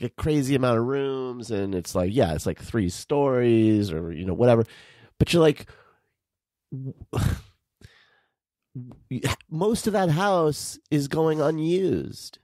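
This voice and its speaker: A man's voice: on the low side, lively intonation, normal speed, mellow, no room sound, clean studio sound. A man co-hosting a podcast in casual chat, rambling and hesitant with many restarts. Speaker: podcast co-host.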